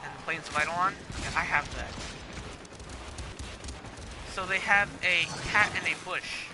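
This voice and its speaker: A man's voice: sits high, a little slow, noisy background. A teenage boy giving live gameplay commentary, rambling and making crude jokes with frequent giggles. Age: teens. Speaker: gaming streamer. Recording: loud game music behind voice.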